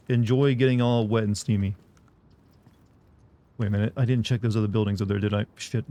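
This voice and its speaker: A young man with a warm, medium-pitched voice streams games, rambling and joking casually as he chats with his viewers.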